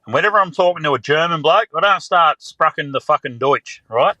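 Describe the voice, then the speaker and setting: A man calls in with a rough, blokey message full of swearing. His voice is bright and pushed, a little higher than usual, and the sound is dry with no room around it. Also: animated, fairly quick, no room sound, dull audio. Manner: crude, blokey banter. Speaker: caller. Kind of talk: recorded voice message.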